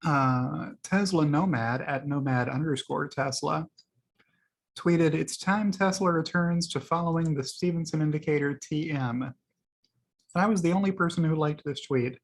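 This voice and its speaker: A man's voice: fairly high pitch, moderate pace, vocal fry. A man hosting his own video, casually talking through tweets he liked, rambling with many fillers and laughing at his own jokes. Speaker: video host.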